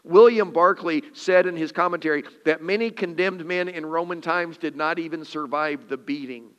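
Man, pastor, emphatic sermon delivery, slightly high voice, long hall reverb. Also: normal speed, a bit bright, smooth, muffled recording. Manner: earnest, emphatic preaching with dramatic scripture reading.

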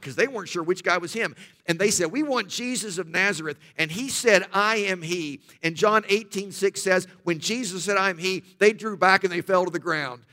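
A man's voice: high-pitched, bright, forceful tone. A man preaching a sermon, telling stories emphatically with humorous asides.

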